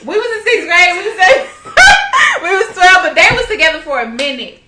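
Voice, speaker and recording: A woman co-hosting a casual podcast, telling stories, animated and swearing freely. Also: very high-pitched, quick pace, roomy sound, very noisy. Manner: animated storyteller, swears freely, laughs often. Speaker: podcast co-host. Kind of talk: casual chat.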